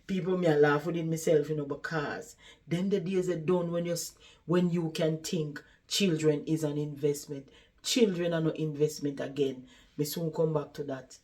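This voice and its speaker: A woman's voice: low-pitched, fairly even intonation, normal speed, a little mellow. A woman who works as a caregiver, earnestly retelling a patient's story in a conversational vlog. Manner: earnest, conversational retelling with many "she said" tags.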